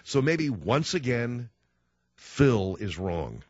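A male talk radio host spins a sarcastic, animated story before taking calls. His voice is close and dry, with a slightly dull broadcast sound. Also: mid-range voice, normal speed, dry recording. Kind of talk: talk radio monologue and call-in.

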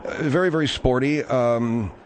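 A man's voice: medium pitch, moderate pace, slight background noise. A man hosting a comedy radio talk show, hesitant and soothing, often stammering over his words.

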